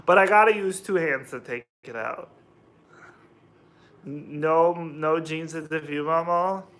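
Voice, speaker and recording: With a slightly high, slightly bright voice and a somewhat slow pace, a young American man rambles casually on a cooking livestream. He's chatty and reads out the names of people in his chat.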